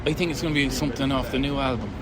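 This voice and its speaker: A man's voice: mid-range voice, very fast. A middle-aged Irish man, tipsy, telling jokey stories in casual chat and swearing freely. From Ireland. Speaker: interviewee, fan. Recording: noisy street recording.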